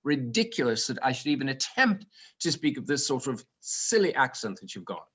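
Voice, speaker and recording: A man's voice: mid-range voice, sing-song, normal speed, a bit bright, husky. A man putting on a silly, exaggerated English accent as an indignant speaker.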